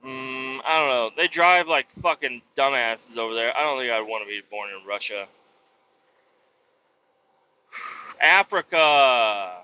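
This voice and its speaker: A man hosting a podcast, rambling in a profane, meandering way with many pauses and restarts, on a dull lo-fi recording. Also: medium pitch, steady tone, bright, forceful tone, clear, resonant tone. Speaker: podcast host and roadside tow operator. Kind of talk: casual rambling monologue.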